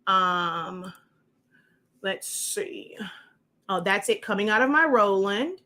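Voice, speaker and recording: A woman's voice: mid-range voice, animated, takes it slowly, pushed and bright. A woman giving a casual show-and-tell craft tutorial, chatty and rambling with many fillers and asides. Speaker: crafting instructor.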